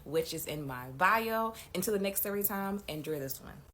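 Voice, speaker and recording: A woman's voice: on the low side, animated, moderate pace, a bit bright, slight background noise. Chatty woman telling a creepy storytime. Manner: chatty, addresses viewers directly. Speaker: storytime host. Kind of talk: casual storytime narration. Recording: music playing behind the voice.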